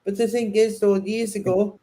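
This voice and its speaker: A woman's voice: medium pitch, flat delivery, normal speed, mellow. A woman hosting a casual chat, speaking earnestly and moralizing. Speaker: host.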